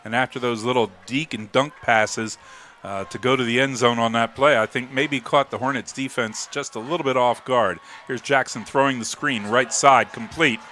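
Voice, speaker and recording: A man calling live football play-by-play, rising to excited calls on big plays. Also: medium pitch, normal speed, a little hiss or hum. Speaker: play-by-play announcer.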